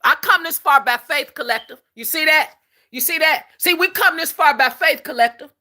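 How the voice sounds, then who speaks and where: High, bright-voiced woman preaching emphatically. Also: moderate pace. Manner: emphatic, repetitive, laughs often, addresses the audience as "collective". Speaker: spiritual livestream host. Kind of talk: casual spiritual livestream talk.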